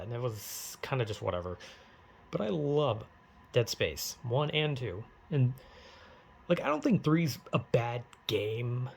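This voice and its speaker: Gravelly man rambling casually. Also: medium pitch, a little mellow. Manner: rambling, self-deprecating, swears freely. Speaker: YouTuber. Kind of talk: casual opinion rant.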